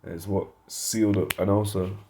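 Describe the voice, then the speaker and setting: A man's voice: low voice, little pitch movement, moderate pace, darkish tone, a little hiss or hum. A man giving an informal Bible study lesson, reading verses and word definitions aloud, thinking aloud and correcting himself as he goes. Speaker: Bible teacher.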